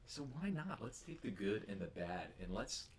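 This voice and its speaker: A young man with a very deep voice co-hosting a casual podcast. He speaks in an earnest, encouraging way that turns a little preachy, and faint noise hums in the background. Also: very animated, moderate pace. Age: young adult. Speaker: podcast co-host. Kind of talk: casual podcast chat and scripture reading.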